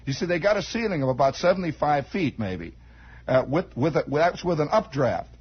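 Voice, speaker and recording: A man's voice: fairly high pitch, animated, a little fast, slightly rough. Man telling a rambling comic radio yarn. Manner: rambling comic storytelling with acted-out shouts. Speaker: radio storyteller host. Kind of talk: improvised radio monologue. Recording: dull lo-fi 1960s radio broadcast.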